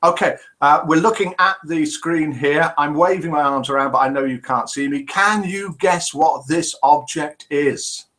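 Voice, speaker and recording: A man's voice: medium pitch, a bit bright. A man hosting a casual live stream, chatting and reading out viewer messages. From England. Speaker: live show host.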